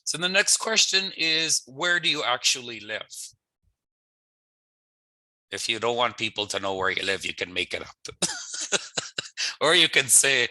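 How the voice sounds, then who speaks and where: A man with a very bright, forceful voice teaches a lesson online. He talks patiently and repeats each phrase slowly, with friendly jokes. The sound is dry and close, with no room echo. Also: mid-range voice. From Canada. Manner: friendly, jokey asides. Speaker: language teacher.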